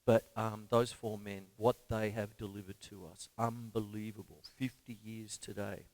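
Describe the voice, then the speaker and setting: A man's voice: fairly low pitch, level tone, normal speed, darkish tone, no room sound. An Australian man hosting a live drum lesson, talking with rambling enthusiasm and scatting drum patterns and counting beats aloud. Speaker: drum teacher and show host.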